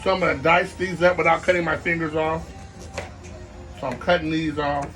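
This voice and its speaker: A man's voice: fairly high pitch, flat delivery, moderate pace, music in the background. A man hosting a comic cooking show, rambling playfully with asides while he chops vegetables.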